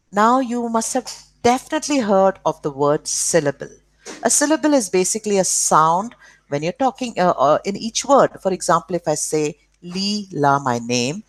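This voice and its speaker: A woman teaching children a grammar lesson, who spells words out letter by letter, stretches them slowly and checks along with "okay". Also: on the low side, no room sound.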